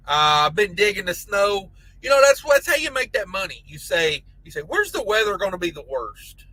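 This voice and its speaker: A man's voice: high-pitched, very animated, moderate pace, sharp tone, rough recording. A man hosting a casual trucking live stream, reading chat messages aloud with crude jokes and frequent laughter. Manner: crude joking banter, laughs often.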